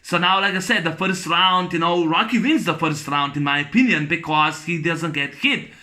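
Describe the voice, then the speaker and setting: A man's voice: on the high side, normal speed, pushed and bright. A man reviewing a film in a rambling, enthusiastic way, with lots of fillers and restarts. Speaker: movie reviewer. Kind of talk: casual spoken film review.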